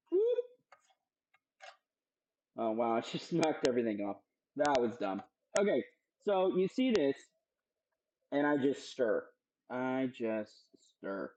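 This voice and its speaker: A man's voice: mid-range voice, dark tone, lo-fi sound, slight background noise. A young man casually talking through a cooking demo, playful and joking, swearing freely. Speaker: cooking show host.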